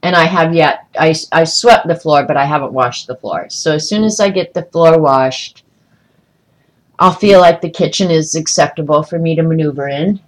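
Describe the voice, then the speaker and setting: A woman chats on a home livestream, showing off her things. She rambles easily and calls out to viewers by name. Her voice sits a little low. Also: moderate pace, poor audio. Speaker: vlogger showing travel souvenirs. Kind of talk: casual livestream chat. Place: room at home.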